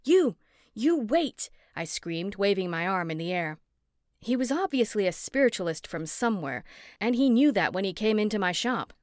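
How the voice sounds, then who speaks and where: A woman narrating a first-person cozy mystery audiobook on a close studio mic, lively and expressive in dialogue. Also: medium pitch, normal speed, dry recording.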